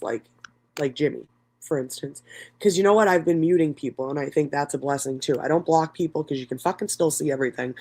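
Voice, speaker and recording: A content creator talking through an emotional, rambling livestream monologue, swearing heavily and circling back on thoughts. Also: mid-range voice. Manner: many fillers and restarts.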